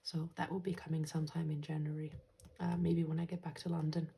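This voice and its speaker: A woman from Finland hosting a journaling vlog, talking softly and gently in a casual way and dropping into quiet whispers. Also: deep voice, flat delivery, fast talker, creaky, a little hiss or hum. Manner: soft-spoken, gentle, slips into quiet whispers. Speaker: journaling channel host.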